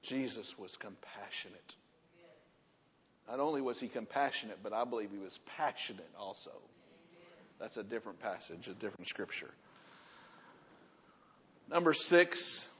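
Older guy in his 60s preaching, hammers words over and over, raspy voice, kinda muffled. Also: normal speed. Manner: emphatic, repeats key words, drops to a soft low voice for stress. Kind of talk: sermon. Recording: muffled sound with long hall reverb.

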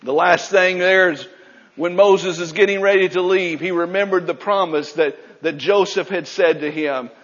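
A man preaching a sermon, animated, acting out the voices of biblical figures. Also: high-pitched, normal speed. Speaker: pastor. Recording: dull sound with long hall reverb.

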